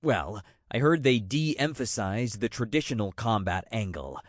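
A wry, restless man, bored and always joking, as a male narrator plays him, speaks in a lively, up-and-down voice at an unhurried pace. The audiobook recording is dry and close. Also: lowish voice, no room sound.

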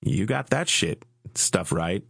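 A brash young soldier with a wry, swaggering way of talking, as a male audiobook narrator puts him on. The voice stays low and close, with a dry sound. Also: animated, slow pace, creaky, a bit bright, slightly rough, no room sound, heavily acted. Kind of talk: audiobook character voice.

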